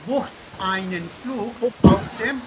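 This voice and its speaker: A man teaching German in an online lesson, reading slowly and correcting pronunciation. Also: high voice, background noise.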